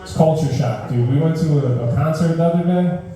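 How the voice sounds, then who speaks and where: At an open mic comedy room, a stand-up comedian with a fairly high, fairly quick voice performs his set. His rants are animated, incredulous and packed with swearing. The room is very echoey, and the mic is far off.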